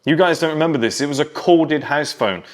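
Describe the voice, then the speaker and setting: A man's voice: on the high side, a little fast. A man in his thirties talking straight to young men, telling nostalgic stories from his childhood in a casual monologue. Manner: storytelling, nostalgic, direct address to young men. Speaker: self-improvement creator.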